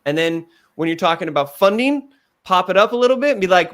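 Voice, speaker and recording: A man giving direct, animated feedback as a pitch coach, acting out examples as he goes. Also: fast talker.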